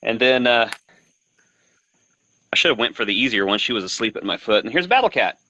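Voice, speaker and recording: A man's voice: mid-range voice, a little fast, poor audio. A man from Texas with a light Texan accent, a guest on a casual live-stream chat, telling stories with dry humor. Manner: relaxed storyteller, dry humor.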